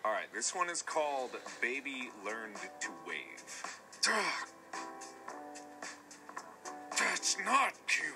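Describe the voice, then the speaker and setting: A man's voice: medium pitch, big pitch swings, slow pace. A man hosting a reaction video, reacting casually with mock-grumpy, sarcastic denials. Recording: music over the voice.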